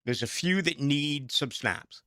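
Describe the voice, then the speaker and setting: A man's voice: a little high, unhurried, sharp tone, no room sound, studio quality. A middle-aged man with a Boston accent, hosting late-night sports talk radio in a rambling, self-mocking way.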